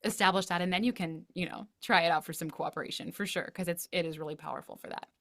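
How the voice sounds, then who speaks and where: A woman who is a parenting educator and a guest, chatting casually, telling lively stories with frequent laughs. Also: fairly low pitch, fast. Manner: animated storytelling, laughs often, acts out voices. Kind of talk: casual interview chat.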